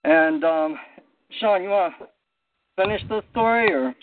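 A man telling a story casually, with animated anecdotal delivery. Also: high-pitched, measured pace, no echo. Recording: tinny phone-line audio.

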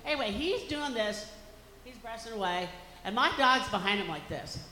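A woman's voice: a little high, lively intonation, moderate pace, sharp tone, a little hiss or hum. A woman performing a bawdy stand-up comedy set on a club stage. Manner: bawdy, brash punchlines. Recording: echoey club with reverb.

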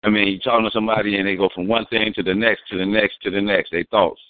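A man's voice: fairly low pitch, level tone, fast talker, dry recording. A man in casual, profane, rambling talk, explaining slang terms and acting out quotes. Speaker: guest. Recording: dry, phone-like sound.

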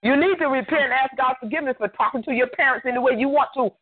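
This older woman preacher races through a fervent sermon in a high-pitched voice, heard over a tinny phone line. Emphatic repetition drives each point home.

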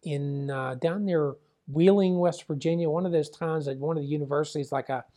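A man's voice: fairly high pitch, brisk, mellow. An older man from the Pittsburgh area, a former wrestling promoter, telling a long family story in an interview and constantly repeating "I says" and "he goes".

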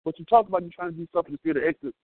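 A man preaching a sermon in an animated, humorous way, calling out to his congregation. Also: on the high side, rapid-fire, no echo. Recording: thin phone-like sound, dry.

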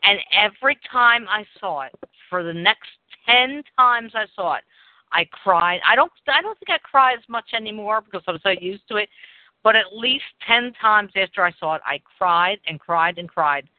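A man's voice: high voice, animated, moderate pace, no room sound. A man hosting a podcast, chatting casually and gushing, often laughing. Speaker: podcast host. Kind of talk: casual chat. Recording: tinny phone-like line.

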